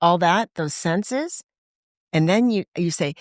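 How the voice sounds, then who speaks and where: Animated woman telling her recovery story. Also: fairly low pitch, slow, no room sound, clean studio sound. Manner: animated, acts out quoted voices, laughs often. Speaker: podcast guest in recovery. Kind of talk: candid conversational storytelling.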